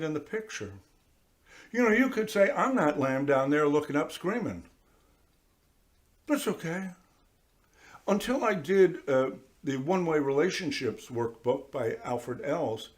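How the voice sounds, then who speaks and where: A man, a priest giving a conversational sermon, talking straight to his listeners and acting out little voices as he goes. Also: fairly high pitch. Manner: animated, talks straight to listeners, acts out voices. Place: church.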